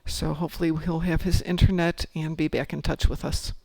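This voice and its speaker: A man's voice: on the high side, little pitch movement, brisk, vocal fry, dry recording. A man hosting a casual gaming stream, chatting with his group and answering chat messages in a rambling, friendly way. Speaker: streamer host.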